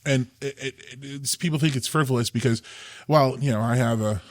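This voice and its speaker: A man's voice: mid-range voice, fairly quick, no room sound. Earnest man, dry close sound. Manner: repeats words and restarts, earnest and talkative. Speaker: podcast co-host. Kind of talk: casual faith discussion.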